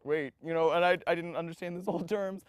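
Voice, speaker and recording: A young man in his twenties telling his life story in an interview, animated and full of restarts, acting out the voices of others. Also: high voice, quick pace, clean tone, no room sound, studio quality. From United States. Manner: animated, acts out quoted voices, frequent restarts.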